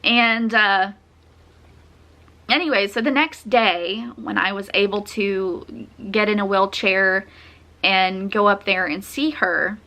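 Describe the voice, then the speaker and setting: A woman's voice: mid-range voice, slow, bright, forceful tone. A young woman chatting casually, telling a personal story with lots of fillers and frequent laughs. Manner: chatty, laughs often, uses many fillers. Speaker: vlogger telling her birth story.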